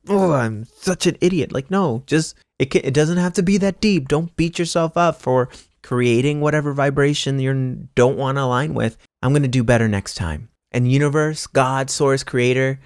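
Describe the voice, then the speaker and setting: A man's voice: mid-range voice, dry recording, studio quality. A man hosting an astrology channel, giving a casual spiritual pep talk to viewers, emphatic and repetitive, with restarts and casual swearing.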